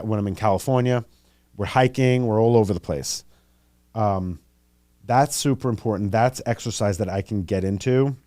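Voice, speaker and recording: A man's voice: on the low side, darkish tone, no echo, studio quality. A man hosting his own podcast, talking alone in a chatty, rambling way with playful, exaggerated complaints. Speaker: podcast host and psychic reader. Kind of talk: casual solo podcast monologue.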